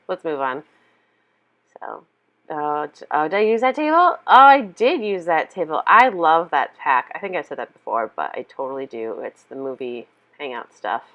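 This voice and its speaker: A woman's voice: fairly low pitch, muffled recording. A woman giving casual, rambling commentary on her own build, chatty and giggly, full of fillers. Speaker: game video creator.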